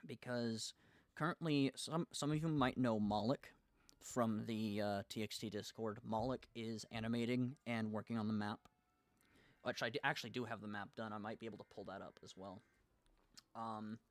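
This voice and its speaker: A young man streaming live and chatting casually, nervous and excited, stumbling and restarting his sentences often. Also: fairly low pitch, moderate pace, no room sound.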